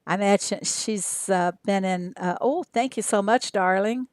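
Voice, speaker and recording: An older woman from Arkansas, chatting casually with viewers on her game livestream in an unhurried way with lots of fillers. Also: medium pitch, no room sound, clean studio sound. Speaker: game streamer.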